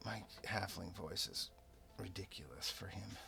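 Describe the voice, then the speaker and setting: A man narrating a solo tabletop game as game master, in a relaxed, rambling, self-amused way. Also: lowish voice, unhurried, gravelly, long pauses. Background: soft background music.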